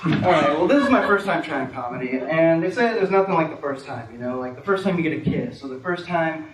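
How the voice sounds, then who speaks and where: A man performing a stand-up comedy routine on a small stage, animated and jumping into squeaky voices for the people he quotes. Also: brisk, over a noisy crowd. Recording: echoey room from far off, noisy.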